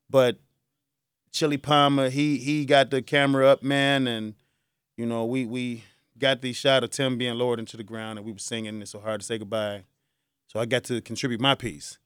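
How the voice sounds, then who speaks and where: Emotional talk-show host, dry close mic. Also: male voice, mid-range voice, no echo. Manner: emotional, heartfelt storytelling. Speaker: podcast host. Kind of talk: casual talk show monologue.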